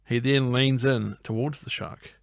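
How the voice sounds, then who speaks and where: A man co-hosts a casual film review podcast and narrates the plot step by step in an even voice. He drops wry asides between the beats. The sound is close and dry, with no room echo. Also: medium pitch, unhurried, vocal fry.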